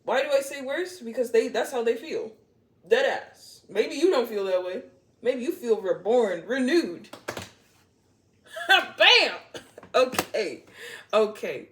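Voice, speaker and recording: A woman's voice: on the high side, lively intonation, a little slow, a little mellow. A woman giving a casual tarot reading to camera, playful and blunt, swearing freely and laughing often. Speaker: tarot reader.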